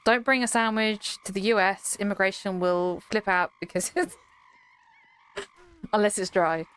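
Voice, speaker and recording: A woman's voice: mid-range voice, steady tone, normal speed, fairly bright tone, smooth. A young woman streaming, chatting casually with her live chat in a rambling, giggly way.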